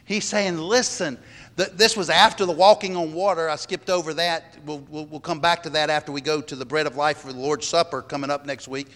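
A man's voice: on the high side, fairly even intonation, a little fast, fairly bright tone. A man, a pastor preaching a sermon earnestly and repeating words as he stresses each point. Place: church sanctuary. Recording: long hall reverb.

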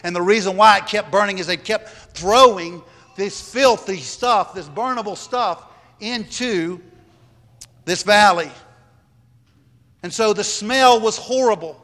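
A man delivers a sermon with a high-pitched voice, pressing each point and circling back on his phrases. His words ring out with the long reverb of a large hall. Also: unhurried, fairly bright tone. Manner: emphatic, repeats phrases. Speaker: preacher.

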